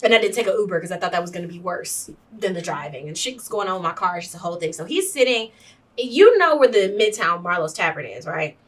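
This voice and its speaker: Bright, animated young woman podcaster. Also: on the low side, fast, far from the mic. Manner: animated, profane, acts out both sides of an argument. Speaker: podcast co-host. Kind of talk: casual chat, personal storytelling. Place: podcast studio.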